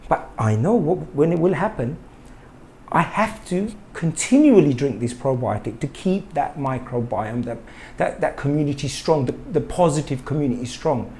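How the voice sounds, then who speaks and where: A middle-aged man delivers an indignant monologue to camera. His pitch swings widely as he fires off rhetorical questions and repeats points for emphasis. The talk is loose and unscripted, like a vlog rant. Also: animated, moderate pace, darkish tone, a little hiss or hum. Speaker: health vlogger.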